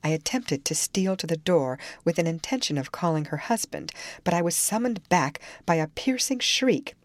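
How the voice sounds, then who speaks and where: Woman narrator, lowish voice, measured calm reading, classic novel audiobook, dry close recording. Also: no echo.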